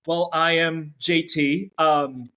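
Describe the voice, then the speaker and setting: Excited young man, guest voice actor. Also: fairly high pitch, takes it slowly. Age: young adult. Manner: excited, playful, self-mocking jokes. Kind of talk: casual chat.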